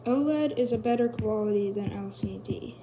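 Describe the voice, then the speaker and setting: Rambling higher-voiced woman explaining gadgets. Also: normal speed, warm tone, slight background noise. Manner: rambling, self-correcting, chatty. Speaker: video host. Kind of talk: casual tech explainer.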